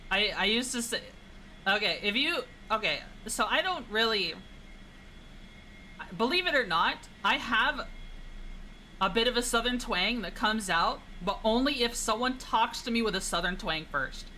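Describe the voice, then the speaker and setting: Playful bright-voiced woman streamer. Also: a little high, lively intonation, a little slow, a little hiss or hum, poor audio. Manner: playful, teasing, chatty. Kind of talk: casual gameplay chat.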